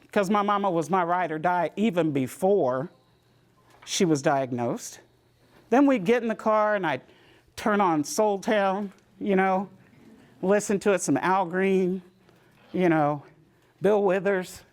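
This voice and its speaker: A woman gives a community health talk. She tells her own stories in a lively way and acts out the voices of the people in them. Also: mid-range voice, slow. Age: 60s. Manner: lively storytelling, acting out voices in quotes. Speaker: presenter.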